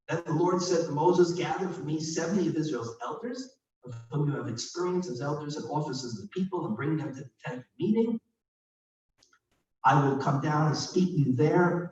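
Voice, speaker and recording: A man leading a service, giving an informal sermon and reading scripture aloud, who often asks his listeners questions. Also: fairly high pitch. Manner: reads scripture aloud dramatically. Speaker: rabbi and cantor leading a service. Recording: distant mic in echoey room, dull sound, faint hum.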